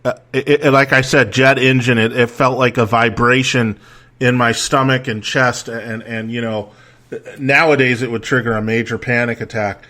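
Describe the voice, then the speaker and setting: A man's voice: mid-range voice, steady tone, normal speed, sharp tone. A man hosting a casual chat, telling stories in a rambling, profane way with many restarts and fillers. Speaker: podcast host.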